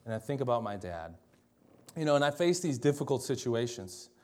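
A man's voice: mid-range voice, big pitch swings, a little fast, a little mellow. Man preaching in a chatty storytelling way. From Minnesota, US. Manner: conversational storytelling, tag questions and laughter. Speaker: pastor. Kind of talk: sermon.

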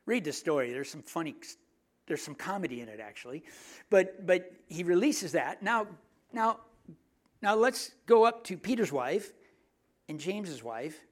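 A middle-aged man preaching a sermon in a conversational, joking way, often dropping his voice to hushed asides. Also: high voice, lively intonation, unhurried. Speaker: pastor.

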